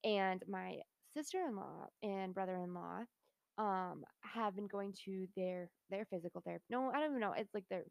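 A woman co-hosting a podcast, chatting playfully and steering to new topics. Her mid-pitched voice has a gravelly, creaky edge. The recording is dry and close. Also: darkish tone, no room sound. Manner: playful, quick reactions, brings up topics. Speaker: podcast co-host. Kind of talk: casual chat.

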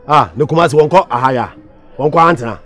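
A man's voice: medium pitch, fast talker, fairly bright tone, soft background music. A man with a Ghanaian accent playing a senior student who mocks and orders juniors around. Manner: bossy, mocking, barking orders. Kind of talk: comedy skit acting.

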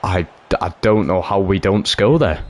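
Brief: deep-voiced man, excitable gameplay commentary. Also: unhurried. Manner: excitable, swings from cheering to groaning. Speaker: gaming YouTuber.

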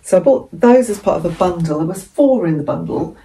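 A woman from England with a fairly low voice chats through a haul video. She rambles and often corrects herself mid-sentence. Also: animated, brisk, mellow. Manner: chatty, rambling, self-correcting. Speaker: vlogger. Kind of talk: casual haul vlog.

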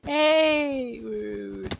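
A young woman chatting casually while gaming, playful and self-mocking with quick exclamations. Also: on the high side, creaky. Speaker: gamer.

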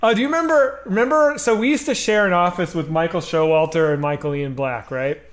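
A man co-hosting a casual comedy stream, telling a story with quick impressions. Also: fairly high pitch, a little hiss or hum. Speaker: comedy group member, stream co-host. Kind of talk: casual chat, anecdote telling.

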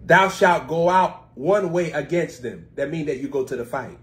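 Man preaching a live-streamed sermon. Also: a little high. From United States. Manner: reads scripture slowly, then explains it with sudden loud swings; informal, chatty asides to online viewers.

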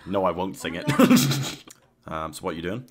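A man live-streaming a game, talking casually to his chat and yelling at his pet dog. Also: deep voice, big pitch swings, takes it slowly.

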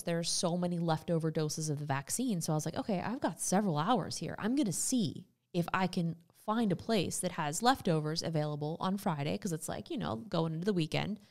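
A young woman co-hosting a podcast tells a story in casual chat, acting out what people said with animation. Her voice is fairly low in pitch and brisk.

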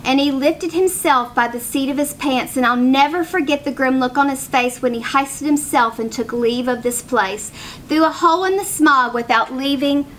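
A woman reading a rhyming children's story aloud with a rhythmic, expressive delivery. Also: high-pitched, moderate pace, slight background noise.

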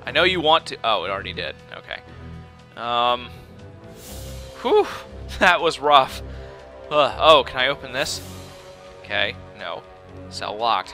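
Excitable young gamer, bright lively voice. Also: male voice, medium pitch, normal speed, long pauses, faint music behind. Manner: excitable, exclaiming and panicking. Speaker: let's play gamer. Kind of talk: casual gameplay commentary.

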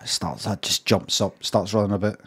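A man's voice: lowish voice, fairly even intonation, brisk, fairly bright tone, husky. A Scottish man streaming, making dry, mumbling asides as he browses photos. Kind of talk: casual commentary while browsing photos.

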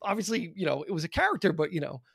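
A man's voice: on the high side, big pitch swings, rapid-fire, creaky, fairly bright tone, slightly rough, no room sound, studio quality. A man co-hosting a podcast, chatting casually about a movie and rambling with many fillers. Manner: rambling, fills with "you know". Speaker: podcast co-host.

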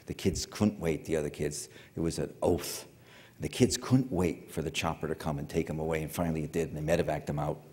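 A man's voice: very deep voice, steady tone, a little fast, a little mellow. An older man giving a public lecture, telling a story in a rambling, digressive way with many fillers and restarts. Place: large lecture hall. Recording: reverberant hall.

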